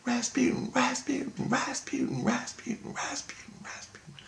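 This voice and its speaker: A man voicing a high, eerie inner voice that chants a name in a fading whisper. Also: huge pitch swings, moderate pace, vocal fry, fairly bright tone, echoey room, heavily acted. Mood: eerie chanting.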